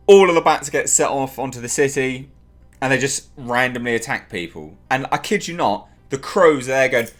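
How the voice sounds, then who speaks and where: A man reviews a TV show in a ranting vlog, his intonation lively and his pace moderate. Sarcastic and exasperated, he swears, repeats himself for emphasis, and mocks characters in high, put-on voices.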